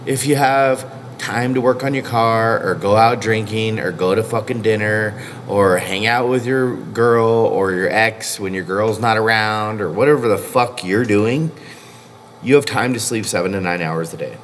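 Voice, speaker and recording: A man's voice: lowish voice, a little slow, slight background noise. A man coaching powerlifters in a casual vlog rant, blunt and scolding, swearing constantly. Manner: blunt, heavily profane, scolding.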